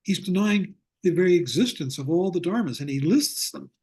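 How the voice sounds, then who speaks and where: An older man teaching a Buddhist class over a video call, speaking in a reflective way and slowing down to stress his points. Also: high voice, animated, a little mellow, slightly rough. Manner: reflective, slows down for emphasis. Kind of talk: online lecture with storytelling.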